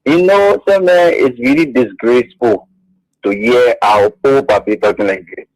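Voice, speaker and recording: A man's voice: mid-range voice, normal speed, darkish tone, no echo, low-quality recording. A man calling a radio show, indignant and firing rhetorical questions. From Liberia. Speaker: radio caller. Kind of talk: phoned-in political complaint.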